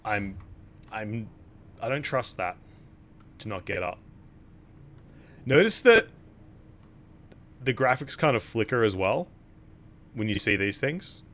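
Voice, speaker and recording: A man's voice: on the low side, sing-song, takes it slowly, pauses often, fairly bright tone. A young man giving casual, wry commentary while streaming a horror game. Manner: wry, sarcastic asides.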